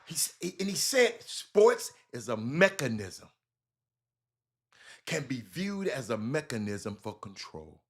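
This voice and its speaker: A man's voice: mid-range voice, sing-song, slow, slightly rough. A man hosting a live sports talk show with a Southern US accent, speaking animatedly and calling out chat viewers by name.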